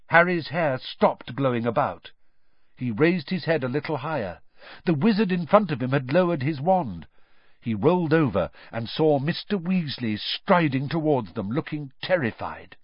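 Expressive male audiobook narrator. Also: medium pitch, normal speed, husky, dry recording, dull audio. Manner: dramatic, expressive reading.

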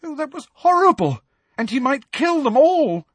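A man reading aloud and voicing a frightened teenage girl, high and trembling. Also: big pitch swings, normal speed, no room sound. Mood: terrified.

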